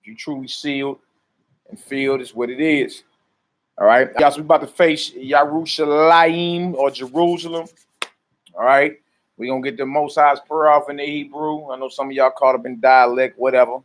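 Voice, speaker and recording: A man's voice: medium pitch, steady tone, normal speed. A man in a mid-range voice leads a casual livestream sermon. He talks to his viewers in loose street slang, greets them by name and drifts easily between chat and scripture. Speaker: minister teaching scripture.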